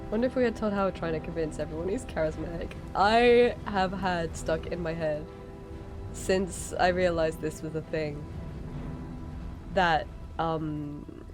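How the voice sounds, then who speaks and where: A woman streams while she is sick, and her throat sounds strained. She rambles in a slow, casual way and laughs easily. Clear music plays behind her voice. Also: fairly low pitch. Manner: giggly, rambling, easily amused. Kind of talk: casual live-stream chat.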